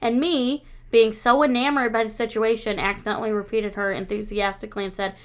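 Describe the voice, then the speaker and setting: A woman's voice: fairly high pitch, a little fast. A woman in her thirties co-hosting a casual chat, telling frank stories with lots of laughter. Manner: frank, laughing, animated storytelling. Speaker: podcast co-host.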